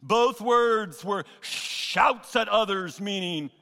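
A man preaching a sermon as pastor, earnest and emphatic, with pauses and repeated phrases. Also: high-pitched, pushed and bright, in a large hall. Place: church sanctuary.

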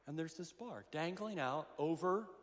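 A man's voice: fairly high pitch, lively intonation, moderate pace. A man preaching a sermon, telling a story with acted-out voices and many restarts. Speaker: pastor. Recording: hall reverb.

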